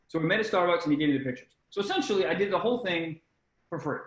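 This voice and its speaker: Man, young, comedian, casual storytelling, swears a lot, slightly high voice, echoey room. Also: lively intonation, rapid-fire. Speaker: comedian guest.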